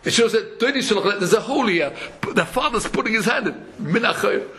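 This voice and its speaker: A quick-paced man with a high-sitting voice preaches on the Torah. Full of energy, he sings out verses, dramatizes parables and quotations, and laughs softly again and again.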